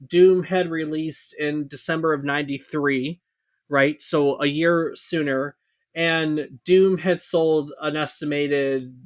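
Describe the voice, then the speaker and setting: A man co-hosting a podcast in a loose, conversational way, sprinkling in fillers and asides. His voice sits a little high, and the recording is dry and close with no room sound. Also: fairly bright tone, no echo. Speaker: podcast co-host. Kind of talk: casual podcast history talk.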